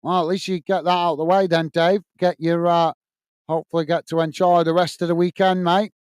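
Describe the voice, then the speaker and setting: A man's voice: on the high side, flat delivery, brisk, darkish tone, clean tone, no echo, studio quality. A man hosting a football watch-along, chatting casually, reading out viewer messages and calling the play. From United Kingdom. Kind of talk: casual live commentary and chat reading.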